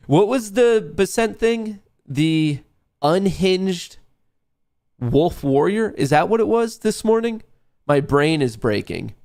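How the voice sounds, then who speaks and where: Trading live on his stream, this host rambles and swears in a relaxed, chatty manner. He sounds nasal, with a mid-range, sing-song, unhurried voice and a darkish tone.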